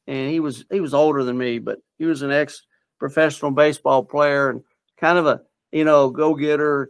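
A man's voice: medium pitch, creaky, fairly bright tone, clear, resonant tone, no echo. A man earnestly telling a personal story in a rambling, casual way. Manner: earnest, rambling, with many fillers and restarts. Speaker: interviewee sharing personal story.

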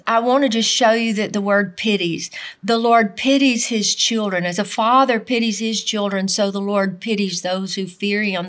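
A woman's voice: mid-range voice, fairly bright tone. A middle-aged woman preaching a sermon in an earnest, emphatic way, often repeating her phrases.

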